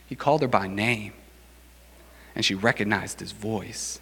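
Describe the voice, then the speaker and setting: Male pastor, relaxed joking sermon delivery, forceful tone, long hall reverb. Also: lowish voice, a little slow. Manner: casual, joking, conversational preaching.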